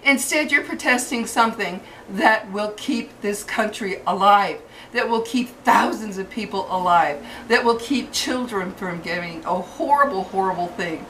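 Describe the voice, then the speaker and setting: An older woman, a grandmother, delivering a furious cursing rant to her viewers with halting restarts. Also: mid-range voice, fairly bright tone. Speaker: vlogger. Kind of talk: angry rant to camera. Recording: distant mic with faint background hiss.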